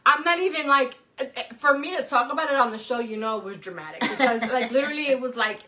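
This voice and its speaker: A woman's voice: high-pitched, fast talker, pushed and bright. A woman co-hosting a casual chat show, telling stories in slang and laughing often. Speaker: podcast co-host.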